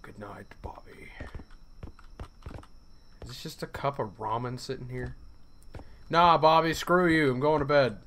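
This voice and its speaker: A man's voice: medium pitch, moderate pace, fairly bright tone. A man commenting on his gameplay in a joking, reactive way. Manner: jokey, reacting aloud. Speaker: gaming YouTuber. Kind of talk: game commentary.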